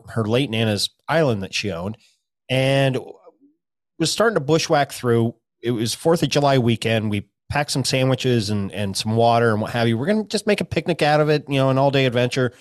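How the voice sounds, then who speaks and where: Male podcast co-host, mid-pitched, dry close sound, loose profane storytelling. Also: dry recording. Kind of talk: casual podcast chat.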